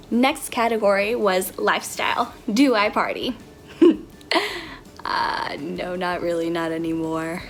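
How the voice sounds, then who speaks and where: A woman's voice: lowish voice, fairly even intonation, slow, pauses often. A woman in her twenties chatting casually to camera in a get-to-know-me vlog, bubbly and giggly, rambling from topic to topic. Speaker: vlogger. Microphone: camera mic, talking to camera.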